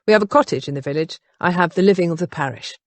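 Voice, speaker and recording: A woman's voice: lowish voice, fast, no echo, natural voice. Woman doing an earnest, proud rector.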